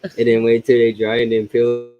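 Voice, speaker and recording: A man's voice: mid-range voice, completely flat delivery, moderate pace, muffled recording. A man acting as the tied-up partner in a rope demonstration, chatting casually and laughing easily. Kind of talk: casual chat.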